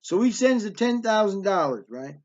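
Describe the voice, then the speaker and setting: A man's voice: high voice, sing-song, normal speed, darkish tone. A man in his fifties telling a story from his past in a blunt, streetwise way, often checking in with "right?". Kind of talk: casual spoken storytelling. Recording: dull lo-fi recording.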